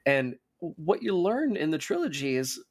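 A man from North America who is a guest on a podcast, talking in casual chat in an earnest way, halting and restarting often. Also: a little high, very animated.

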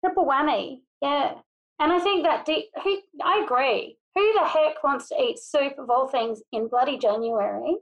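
A woman's voice: high-pitched, moderate pace. A woman co-hosting a podcast, chatting casually in an exasperated way and laughing easily. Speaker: podcast co-host.

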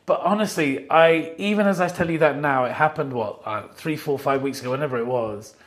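Animated man telling stories. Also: fairly high pitch, brisk. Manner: animated storyteller, acts out quoted lines. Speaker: podcast guest, watch company founder. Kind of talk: casual chat. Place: office.

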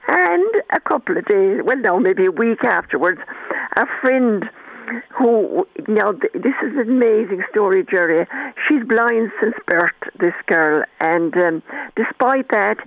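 A woman's voice: medium pitch, animated, measured pace, gravelly. Older woman chatting over a phone line. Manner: chatty, rambling, warm storyteller with frequent restarts. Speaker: author guest. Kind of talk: storytelling in a radio interview.

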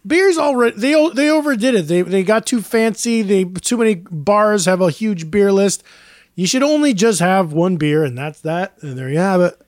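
A man co-hosting a casual podcast chat, with a voice pitched well above most men's. The recording is dry and close, with no room sound around him. He talks in a jokey, rambling way, filling gaps with ums and uhs. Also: lively intonation, normal speed, no echo. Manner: jokey, rambling, with frequent fillers. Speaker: podcast co-host presenting the drink.

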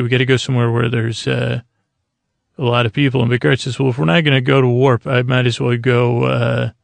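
A man hosting a podcast, casually recapping an episode from his notes in a halting way, with many fillers, sometimes losing his place. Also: medium pitch, vocal fry, dry recording. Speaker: podcast host.

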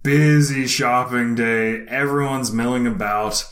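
A man's voice: mid-range voice, a little slow. A man telling a funny story in casual talk, swearing and laughing as he goes. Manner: animated, swears often, laughs through the telling.

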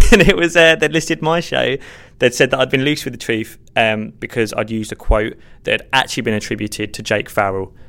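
A young comedian on a podcast takes earnest interview questions in a rambling, self-deprecating manner, restarting again and again. His voice is fairly low and gravelly, with a clean tone.

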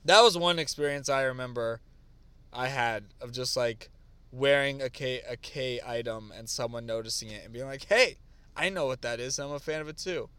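A man's voice: mid-range voice, moderate pace, smooth, no room sound. A man co-hosting a podcast, telling stories in casual chat with lots of fillers and restarts. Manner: animated storytelling with lots of fillers. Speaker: podcast co-host.

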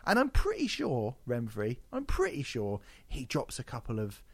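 A man co-hosting a podcast, talking in a casual, animated and mocking way with plenty of swearing. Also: medium pitch, moderate pace, no echo. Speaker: podcast co-host.

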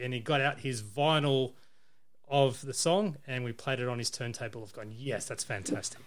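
A man co-hosting a casual podcast chat, jokey and quick to laugh. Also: medium pitch. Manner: jokey, chatty, laughs often. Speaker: podcast co-host.

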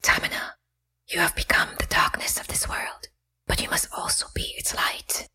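A woman voicing an ancient goddess in a soft, breathy whisper, whispered role-play. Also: on the low side, level tone, normal speed, full character voice. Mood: solemn. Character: ancient female goddess, serene and all-knowing.

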